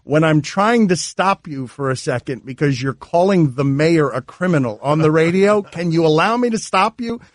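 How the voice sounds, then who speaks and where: Jokey sports radio host, dry studio. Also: male voice, fairly high pitch, animated, normal speed, few pauses, dry recording. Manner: jokey, playfully rambling.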